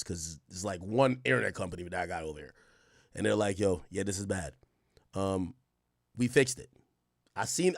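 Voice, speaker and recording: A man hosting a livestream, telling a story in casual slang, animated and sometimes loud. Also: medium pitch, no room sound, studio quality. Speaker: streamer host.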